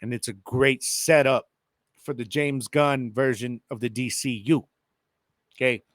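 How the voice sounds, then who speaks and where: A man hosting a casual solo podcast with a Chicano English accent, talking to his listeners in a lively, slangy way. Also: medium pitch, measured pace, dry recording, clean studio sound. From El Paso, Texas. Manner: animated, slangy, addresses listeners directly. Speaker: podcast host.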